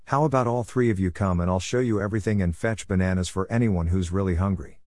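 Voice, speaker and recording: A warm, practical grandmother figure welcomes her guests and sorts out breakfast, voiced by a male audiobook reader. The voice stays low and plainly read rather than acted. The sound is close and dry. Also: quick pace, dry recording, close to an everyday voice. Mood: friendly. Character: kindly grandmother running a camp, practical. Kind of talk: scripted narration.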